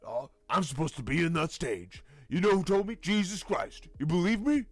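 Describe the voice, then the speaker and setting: Man putting on a loud, eager stranger. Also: high-pitched, big pitch swings, moderate pace, dry recording, soft background music, pitched above the performer's own voice, full character voice. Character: excitable male stranger claiming divine mission.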